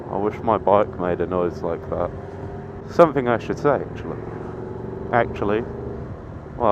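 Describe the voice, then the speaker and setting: A nineteen-year-old with a lowish voice vlogs from his motorbike in town traffic, keeping up a casual running commentary. He curses often, laughs at himself and yelps suddenly with excitement. The audio, from a helmet-mounted action camera outdoors, is dull and lo-fi under loud wind, traffic and engine noise.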